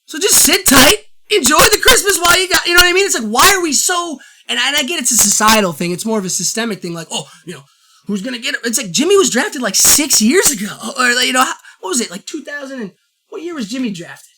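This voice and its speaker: A man holds forth alone on his show, his voice bright and forward. He rants about sports with fired-up energy. He rambles, restarts and circles back to hammer the same points. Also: very high voice, sing-song, fast. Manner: fired-up, rambling, repeats himself. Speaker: show host. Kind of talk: solo sports opinion rant.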